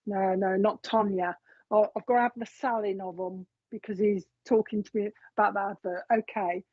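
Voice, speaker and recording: A woman's voice: medium pitch, fairly even intonation, normal speed, dry recording. A woman giving a live psychic reading, chatting along as she relays messages from spirit. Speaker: psychic medium. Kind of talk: live reading on a streamed show. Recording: dull, lo-fi stream audio.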